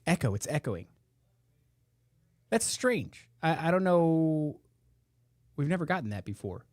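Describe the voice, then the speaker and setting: A man's voice: fairly high pitch, very animated, measured pace, a little mellow, dry recording. A man hosting a casual live podcast, ranting with profane, sarcastic jokes into a close mic while wearing headphones. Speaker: podcast host. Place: indoor room beside a meeting room. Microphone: headphones and close studio mic.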